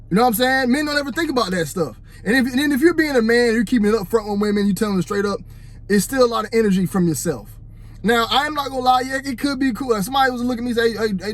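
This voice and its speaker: A man giving a casual, preachy opinion monologue into his phone, talking straight to "fellas" and often asking "you know what I'm saying". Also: high voice. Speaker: vlogger.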